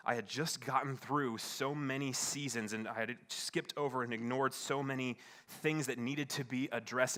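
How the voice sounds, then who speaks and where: A man preaching a sermon as a pastor, telling a personal story in an earnest, halting way, often restarting his sentences and swinging between hushed and emphatic. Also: mid-range voice. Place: church service.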